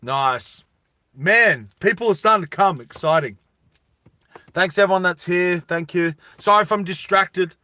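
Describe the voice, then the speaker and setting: An Australian man telling a story on a live stream, animated and laughing often as he talks with viewers. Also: high-pitched, measured pace, dry recording.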